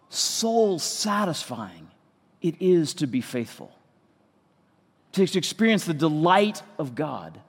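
A man preaching a sermon as a pastor, earnest and conversational, often repeating words for emphasis. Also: on the high side. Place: large church sanctuary. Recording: long reverb of a large hall.

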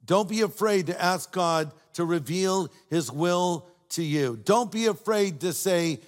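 An older man preaching a sermon as a pastor. He tells stories warmly and adds humorous asides. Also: high voice, measured pace, few pauses. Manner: warm storytelling with humorous asides. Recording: long hall reverb.

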